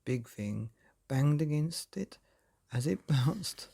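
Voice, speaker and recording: A man reads a bedtime story aloud in a cosy, theatrical way. His voice is husky and mellow, with a gravelly rasp. He takes his time over every line. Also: on the high side, expressive, takes it slowly. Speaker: bedtime story narrator and host.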